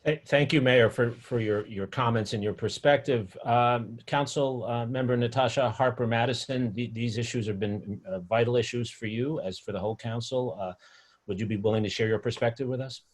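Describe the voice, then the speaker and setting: A man's voice: mid-range voice, fairly even intonation, moderate pace. A man moderating a video call panel, courteous and hesitant, stammering with uhs as he passes the floor to a speaker. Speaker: forum moderator.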